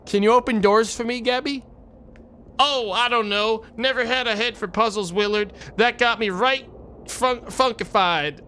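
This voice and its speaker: A man's voice: extremely high pitch, measured pace, bright, forceful tone, smooth, pitched above the performer's own voice, exaggerated voice. A man voicing a grizzled old western cowhand who talks in a twangy, folksy frontier drawl.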